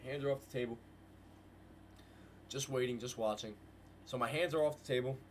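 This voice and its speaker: A man at a desk mic runs live market commentary for his viewers, mid-pitched and full of hype. He calls to the chat as "guys" and "bro" and fires phrases off in repeated bursts, with a faint hiss of noise behind him. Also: moderate pace. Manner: hyped, slangy, talks to chat with "guys" and "bro". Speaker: trading livestream host. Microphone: desk mic with headphones.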